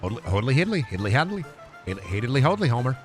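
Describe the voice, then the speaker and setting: A man's voice: mid-range voice, very animated, rapid-fire, faint music behind, close to an everyday voice. A man impersonating a chirpy, folksy cartoon neighbor, rattling off sing-song nonsense syllables. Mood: goofy. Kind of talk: comic voice impression.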